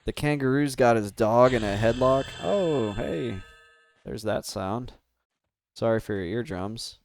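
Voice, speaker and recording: A man's voice: medium pitch, measured pace, a little mellow, no room sound. An American man livestreaming a game, chatting casually and rambling with his viewers, laughing often. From United States. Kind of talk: casual gaming stream chat.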